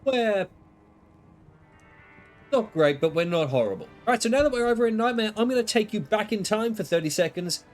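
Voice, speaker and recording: A man's voice: high voice, animated, faint music behind. A man giving casual gameplay commentary, chatty and a bit self-mocking, his voice stuffy from the flu. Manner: chatty, self-deprecating, lots of pauses. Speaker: gaming video creator.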